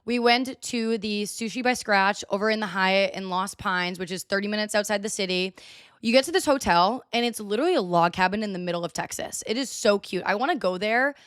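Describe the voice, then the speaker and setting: A young woman hosting a podcast, telling a story in a chatty, animated way with lots of filler words. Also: mid-range voice, fairly quick, clear, resonant tone, no room sound, clean studio sound. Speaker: podcast host. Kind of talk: casual storytelling monologue. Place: US (Texas area).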